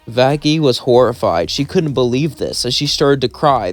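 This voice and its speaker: A man's voice: mid-range voice, expressive, moderate pace, few pauses, no echo, faint music behind. A man casually narrating a fan story in a loose, rambling way.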